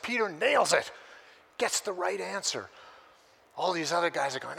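A man preaching a sermon as a pastor, telling a story with lively energy and acting out the voices he quotes. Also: high-pitched, moderate pace, gravelly, long pauses, slightly rough.

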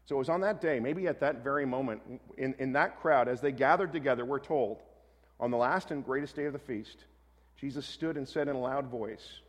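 In a big, echoing room, a man with a medium-pitched voice delivers a sermon at a brisk clip. This pastor keeps it relaxed and conversational, frequently correcting himself and slipping in light humor.

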